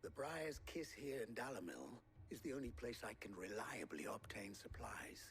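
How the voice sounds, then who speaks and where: Brief: a grave game merchant, steady, mid-range voice, quietly measured. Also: male voice, mid-range voice. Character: composed middle-aged male merchant in a dark age. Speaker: game character.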